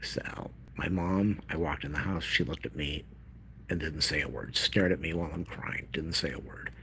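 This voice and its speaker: A grieving man telling a personal story in a vlog, emotional and halting, at times dropping into a whisper. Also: extremely low pitch, fairly bright tone, slight background noise. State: grieving, on the edge of tears.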